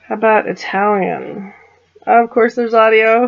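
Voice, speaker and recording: A woman's voice: mid-range voice, normal speed, creaky, lo-fi sound. A woman vlogger chatting casually, giggling and apologizing as she stumbles through foreign words. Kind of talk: casual chat.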